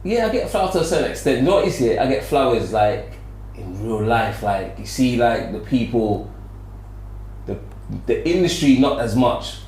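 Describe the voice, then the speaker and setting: A man's voice: medium pitch, expressive, moderate pace, a little mellow, a little hiss or hum. A middle-aged man from Birmingham with a Birmingham accent mixed with South London, chatting loosely as a podcast guest, full of restarts and fillers. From Birmingham, England. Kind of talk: casual interview chat. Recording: echoey room.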